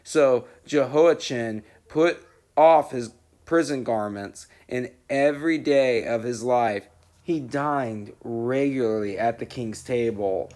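A man reading scripture aloud in a measured, solemn way as the regular reader of a daily reading program. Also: mid-range voice, a little mellow. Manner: slow, measured, solemn delivery.

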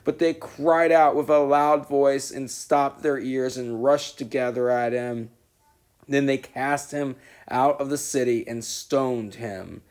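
A man reading scripture aloud in a measured, solemn way as the regular reader of a daily reading program. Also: mid-range voice, steady tone, a little mellow. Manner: slow, measured, solemn delivery.

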